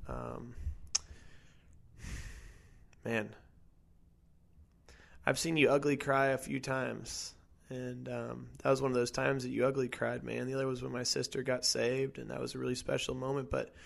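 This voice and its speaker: A man telling his testimony in casual chat, earnest and halting, with casual slang and many fillers. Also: medium pitch, level tone, gravelly, fairly bright tone.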